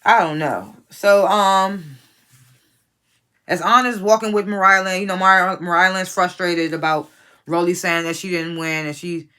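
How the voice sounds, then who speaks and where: A woman's voice: on the low side, steady tone, unhurried, pushed and bright, clean tone. A woman giving a casual, profane recap of a reality show. She is blunt and opinionated and talks straight to the cast members she is judging. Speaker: reality TV reviewer.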